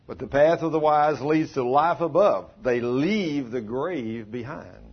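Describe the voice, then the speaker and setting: A man preaching a sermon as a pastor, telling stories in a folksy way with dramatic pauses. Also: mid-range voice, breathy edge. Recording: dull lo-fi recording.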